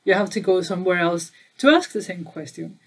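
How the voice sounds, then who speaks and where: A woman's voice: lowish voice, expressive, a little fast. Woman explaining business metrics to camera. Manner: conversational, stresses key words, asks viewers questions. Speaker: channel host and data trainer. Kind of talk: casual explainer video.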